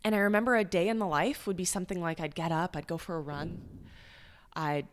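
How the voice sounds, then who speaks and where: Woman, young adult, from Canada, upbeat chatty storytelling, low-pitched, reverberant recording. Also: steady tone, brisk. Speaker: guest, news and weather reporter. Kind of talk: casual podcast interview.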